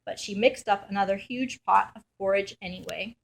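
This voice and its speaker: Reading from a children's picture book, a woman with a medium-pitched voice and some vocal fry keeps a normal pace, telling the tale in a lively, playful way.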